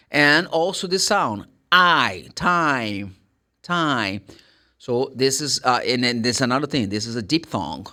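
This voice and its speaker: A man with a Brazilian Portuguese accent teaching English pronunciation, repeating words slowly to model the sounds and often correcting himself. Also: mid-range voice, fairly bright tone. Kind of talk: pronunciation lesson.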